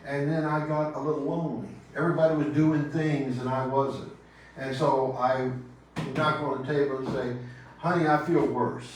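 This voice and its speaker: A Texan man preaches in a slow, gentle, reflective way, leaving long pauses between his thoughts. His voice sits at an ordinary middle pitch. It rings through a very echoey church sanctuary, picked up from a distance with a faint hum behind it. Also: flat delivery. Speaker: pastor. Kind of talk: sermon.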